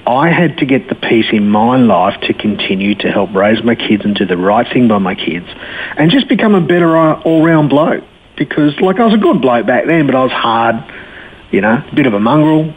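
A man's voice: mid-range voice, very animated, moderate pace, breathy edge. A man, giving a blunt, earthy personal testimony in casual conversation. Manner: blunt, earthy storytelling with slang. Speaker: interview guest. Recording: phone line with faint noise.

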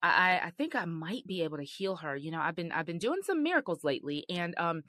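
A woman's voice: lowish voice, sing-song, quick pace, sharp tone, no room sound, clean studio sound. Woman doing a stammering, boastful male healer. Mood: boastful, hesitant. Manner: hesitant, stammering, full of ums.

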